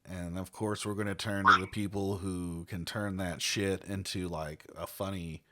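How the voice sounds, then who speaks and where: A man co-hosting a podcast in casual chat, laughing often and trailing off into quiet mumbles. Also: low voice, level tone, unhurried. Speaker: podcast co-host.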